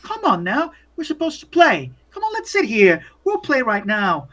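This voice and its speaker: A man's voice: huge pitch swings, normal speed, fairly bright tone, exaggerated voice. A man putting on a creepy pleading little boy. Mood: coaxing. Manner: high pleading singsong, breaking into shrieks. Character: eerie little boy wanting to play, childish and unhinged.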